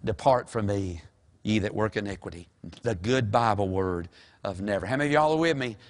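A man's voice: fairly low pitch, fairly quick. An older man, preaching a folksy sermon as pastor and calling out to the congregation. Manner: folksy, animated preaching with call-and-response.

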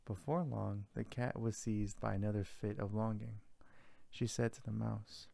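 A man narrating a fairy tale aloud in a steady, unhurried storytelling manner. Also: on the low side, vocal fry.

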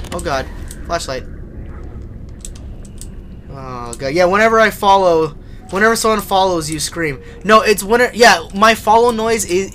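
A young man live-streams a horror game, jumpy as he swears and yelps in fright before chatting to his viewers. His voice sits high against a noisy background.

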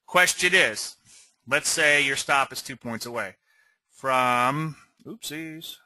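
Rambling, bright-voiced man teaching trading. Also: mid-range voice, slow pace. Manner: rambling, conversational, peppers with "okay?". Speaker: trading educator. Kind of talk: live webinar teaching with Q&A.

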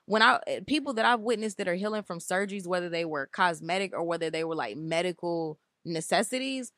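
A woman's voice: fairly low pitch, animated, fairly quick, fairly bright tone, no room sound, studio quality. A woman hosting an inspirational spiritual talk, speaking in an emphatic, repetitive, conversational way. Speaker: spiritual channel host.

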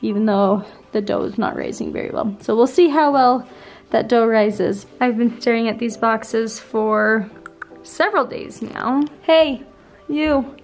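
A woman's voice: a little high, a little slow, soft background music. A woman in her thirties, a family vlogger chatting playfully at home and teasing her husband. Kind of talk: casual chat. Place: home, partly in the backyard.

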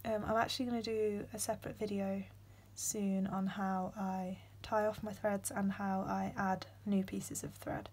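A young woman, hosting a step-by-step beading tutorial in a soft voice that often drops to a whisper, with frequent ums. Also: mid-range voice, flat delivery, unhurried, hardly any pauses, slightly rough.

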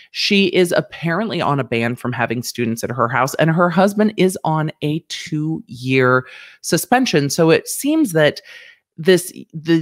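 Frank, animated woman host giving legal commentary, dry room. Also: no echo. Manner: animated, mimics others in quick high-pitched voices; frank, swears casually. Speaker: lawyer and show host. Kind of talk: commentary vlog.

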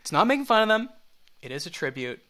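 Lively, bright-voiced man telling stories. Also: high voice, fast. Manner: animated storyteller, acts out voices, restarts often. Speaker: podcast co-host or guest. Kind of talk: casual podcast chat.

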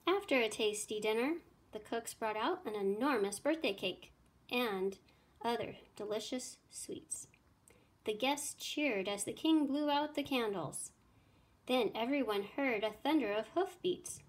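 A woman's voice: fairly high pitch, expressive, a little slow. Woman reading a story aloud. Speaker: teacher. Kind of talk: children's read-aloud.

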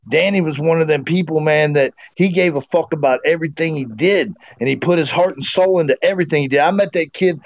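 A man's voice: mid-range voice, dull audio. A man telling heartfelt, rambling, profane stories as a guest on a video call. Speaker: guest wrestler. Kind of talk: casual remembrance on a video call.

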